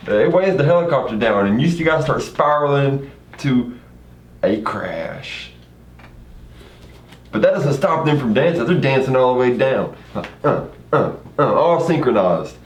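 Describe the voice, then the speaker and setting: A young man co-hosting, casually improvising a second-person story with relaxed fillers. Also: mid-range voice, measured pace. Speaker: co-host and storyteller. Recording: echoey room with faint noise.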